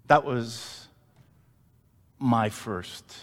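Animated preacher man in a reverberant hall. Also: mid-range voice, drawn-out words. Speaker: pastor. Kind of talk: sermon.

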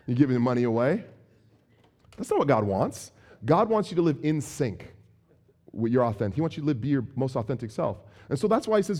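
A man preaching a conversational sermon, animated and acting out everyday examples. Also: on the high side, a little fast. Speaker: pastor.

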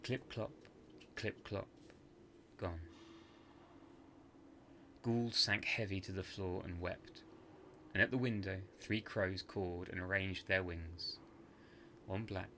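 A man tells a dark tale in scripted podcast narration, measured and hushed. His voice is very deep, yet crisp and forceful, with a faint hiss behind it. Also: steady tone. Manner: measured, hushed dramatic storytelling. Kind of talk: scripted horror story narration.

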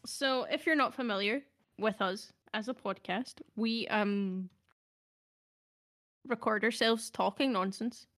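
A woman's voice: fairly high pitch, takes it slowly, a bit bright. A young adult woman, hosting a podcast in a casual, hesitant, self-deprecating way, with many ums. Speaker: podcast host. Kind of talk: casual chat.

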